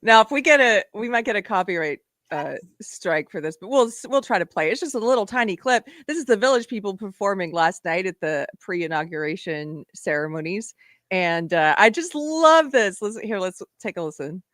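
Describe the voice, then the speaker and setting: A woman's voice: medium pitch, animated, moderate pace, a bit bright, no echo, studio quality. A woman hosting a live online show, chatting casually and laughing often as she tells stories. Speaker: host. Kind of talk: casual live-stream chat.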